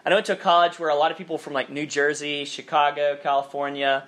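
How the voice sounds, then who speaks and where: Southern guy w faded accent, laid-back campus sermon, lots of ums, voice a bit high. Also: little pitch movement, quick pace, a bit bright. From southern Alabama, US. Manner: chatty, self-deprecating, many fillers. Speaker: campus minister. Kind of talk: informal sermon with scripture reading.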